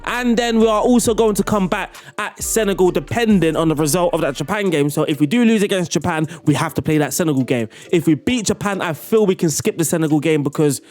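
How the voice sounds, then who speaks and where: A young man giving excitable, playful play-by-play commentary on a football management game, often laughing. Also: a little high, fast talker, few pauses, soft background music. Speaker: gaming YouTuber.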